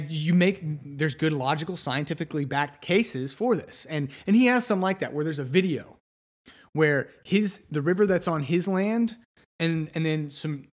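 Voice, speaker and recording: Male solo podcast host, young adult, slightly high voice, loose rambling delivery. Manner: rambling, conversational, many restarts and fillers.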